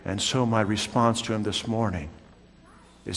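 A man preaching a sermon in a church, swinging from loud calls down to hushed whispers. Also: lowish voice, fairly even intonation, measured pace. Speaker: pastor. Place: church sanctuary. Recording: long church hall reverb.

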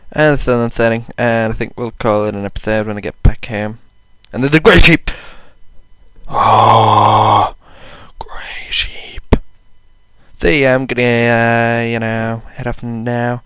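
A young man talks through his gameplay in a self-mocking, casual way, swearing freely and bursting into loud outbursts at the game. His voice is smooth and clear. It is recorded close and dry, with no room sound, at a middling pitch. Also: no echo. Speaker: gaming channel host.

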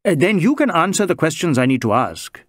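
A man voicing a hesitant, apologetic police inspector who stumbles with many pauses. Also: fairly high pitch, big pitch swings, no room sound, clean studio sound, voice pushed up.

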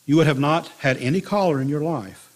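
A man voicing a patient, gentle potter who speaks quietly and calmly, in a husky voice. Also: on the high side, a little fast, natural voice. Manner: quiet, calm.

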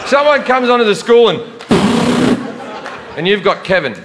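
Brief: male stand-up comic, high for a man, shouting then muttering, live in a big hall with a noisy audience. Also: sing-song, normal speed. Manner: profane, ranting, swings from shouting to muttered asides. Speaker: stand-up comedian. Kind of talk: stand-up comedy routine. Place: large theater with a live audience. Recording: live concert recording in a reverberant hall, audience laughter. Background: crowd laughter and room noise.

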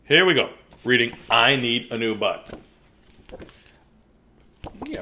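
Brief: lively, chatty man in his fifties, storytime reader, laughs a lot. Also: mid-range voice, slow, gravelly, slight background noise. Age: 50s. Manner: playful, chatty, laughs often. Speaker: children's book reader. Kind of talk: reading picture books aloud, casual asides.

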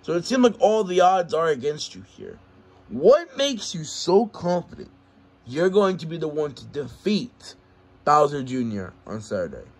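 A man moderates a mock fight press conference and moves briskly from question to question. His voice sits a little high. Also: sing-song.

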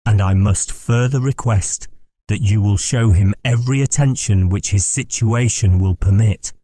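A man's voice: fairly low pitch, moderate pace, dark tone, husky, no echo. A man voicing a stern, commanding young lord. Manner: commanding, formal. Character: stern young male gentleman heir giving orders.

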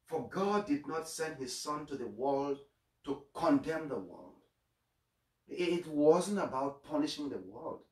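In an echoey space, far from the microphone, a man of mid-range pitch preaches a homily in his role as a priest. The delivery is sincere, though he trips over beginnings and tends to repeat how he opens.

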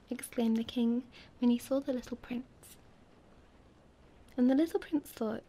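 A woman tells a bedtime story in a soothing whispered role-play, her voice high and breathy. The tone is mellow and soft throughout. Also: fairly even intonation, unhurried, long pauses.

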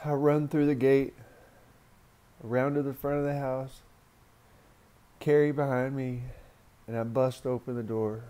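A man tells a painful memory from his own life in a low-key, unscripted way. He speaks very slowly, pausing between short phrases, and his voice has a dark, mellow tone. The delivery is hushed and halting. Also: level tone, smooth. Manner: slow, halting, hushed retelling. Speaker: survivor sharing a personal story. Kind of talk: raw spoken testimony.

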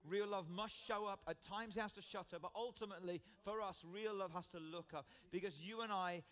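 High-voiced British male preacher. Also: fairly even intonation, brisk, a bit bright. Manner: earnest, conversational, repeats key phrases. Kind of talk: sermon. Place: church.

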